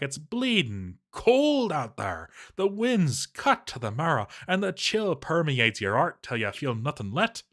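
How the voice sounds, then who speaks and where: A man's voice: medium pitch, bright, forceful tone. A man voicing a cowardly, grumbling male dwarf pump operator in a put-on Irish-sounding accent, swearing and self-pitying.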